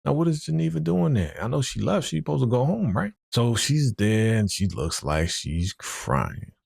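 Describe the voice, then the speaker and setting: A man giving a casual, animated recap of a TV episode, talking in slang and filling his speech with "you know.". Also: mid-range voice, normal speed, vocal fry, slightly rough, dry recording, studio quality. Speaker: TV episode reaction host.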